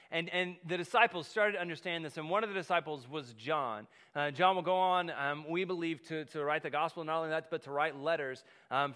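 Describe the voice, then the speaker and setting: A male pastor delivering a sermon in a conversational way, repeating key phrases and pausing often. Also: fairly high pitch, a bit bright. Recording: long reverb of a large hall.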